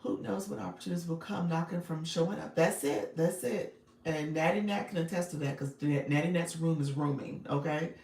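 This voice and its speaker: A livestream coach and host with a low-pitched, darkish voice talks at a moderate pace, cheerfully repeating herself, laughing, and greeting viewers by name as she reads chat. She's far from the mic in an echoey room.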